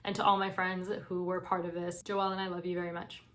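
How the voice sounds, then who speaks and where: A woman's voice: fairly low pitch, little pitch movement, fast, fairly bright tone, slight background noise. A young woman speaks to her viewers in a casual, heartfelt vlog. Her talk is earnest and encouraging, and her voice stays level with little rise and fall. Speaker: vlogger.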